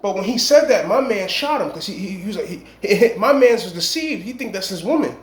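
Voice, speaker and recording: High-voiced man rambling a story. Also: lively intonation, fairly quick, hardly any pauses. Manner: rambling, emphatic slang. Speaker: vlogger. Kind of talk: casual storytelling. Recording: echoey room.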